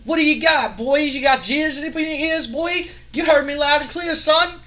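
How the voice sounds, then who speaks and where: A man's voice: extremely high pitch, moderate pace, sharp tone, pitched above the performer's own voice. A man voicing a cocky male wrestler who swaggers and talks in street slang. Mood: swaggering.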